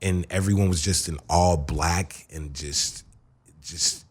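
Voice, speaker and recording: Low husky man telling a rambling story. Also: fairly even intonation, slow, darkish tone. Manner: rambling, profane, with frequent restarts and fillers. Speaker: interview guest. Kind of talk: casual storytelling. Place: radio studio.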